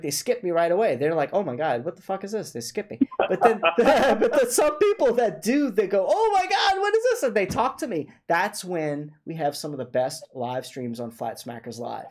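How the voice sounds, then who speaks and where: A man's voice: high voice, a little mellow. A man hosting a livestream, chatting casually and playfully, often laughing. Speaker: livestream host.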